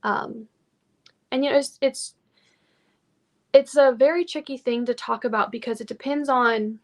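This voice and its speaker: A woman, an actor guesting on a podcast, talking reflectively in casual conversation with many pauses and fillers. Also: a little high, steady tone.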